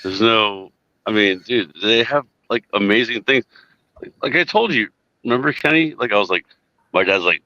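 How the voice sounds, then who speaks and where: A laid-back man chats casually, leaning on "like" and "dude." His low voice moves around a lot and comes across bright. He sounds a bit off mic, with a dull, lo-fi tone. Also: lively intonation, moderate pace, no echo. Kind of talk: casual chat.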